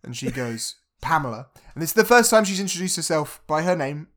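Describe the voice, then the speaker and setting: A man co-hosting a casual podcast, retelling a film's scenes and quoting the characters in a quieter voice. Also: on the high side, animated, fairly quick. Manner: retells scenes, acting out quotes in a softened voice. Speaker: podcast co-host. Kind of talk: casual film recap chat.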